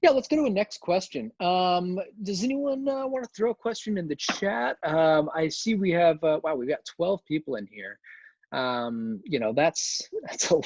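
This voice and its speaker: A man hosting a livestream Q&A, answering questions with deadpan absurd humor. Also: high voice, normal speed, dry recording, highs cut off. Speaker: host. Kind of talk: livestream Q&A chat.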